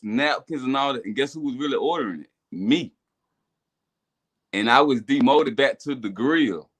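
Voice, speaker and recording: Animated man telling his story. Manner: animated storytelling, repeats words, builds to excited high bursts. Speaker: podcast guest, business owner. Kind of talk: casual testimony chat.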